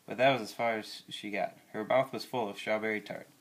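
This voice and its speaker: A man reading a children's picture book aloud in a gentle, plain storytelling way. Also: fairly low pitch, steady tone, a little fast. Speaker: reader.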